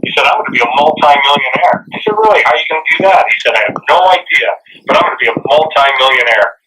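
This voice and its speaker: A guest author and speaker tells stories in an interview, animatedly acting out the quoted dialogue. His medium-pitched voice races along, and he's recorded from a distance against a noisy background.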